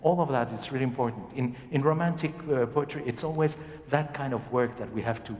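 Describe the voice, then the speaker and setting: A man coaching a singer in a masterclass. His voice sits at an average pitch and carries the long reverb of a concert hall. He explains in animated bursts and keeps acting out the phrasing himself. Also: brisk. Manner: animated, demonstrating phrases by speaking and singing them.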